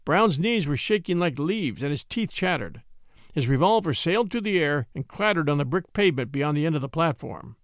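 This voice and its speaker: A man reading an old-time adventure story aloud in an expressive, dramatic way. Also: a little high, a little fast, dry recording, clean studio sound. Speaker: audiobook reader.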